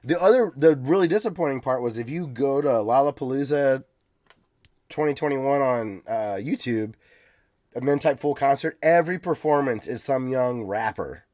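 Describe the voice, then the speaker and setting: A man co-hosting a casual podcast who often stumbles and restarts his sentences before settling into his point. He has a medium-pitched, everyday voice. The recording is dry and close. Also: animated, moderate pace, darkish tone, no room sound. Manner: hesitant, restarts often, then gets enthusiastic. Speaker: podcast co-host. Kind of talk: casual chat.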